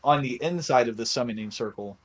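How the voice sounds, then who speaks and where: Young male game master, casual and halting. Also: mid-range voice. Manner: casual, hesitant narration with many fillers. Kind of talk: narrating a tabletop game.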